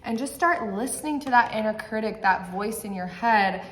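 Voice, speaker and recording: A woman's voice: mid-range voice, moderate pace. A woman speaks to camera as a mindset coach, earnest and direct. Her voice sits in the middle range. She keeps checking in with the listener as she goes, and the room around her rings with echo. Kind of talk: motivational talk to camera. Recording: echoey room.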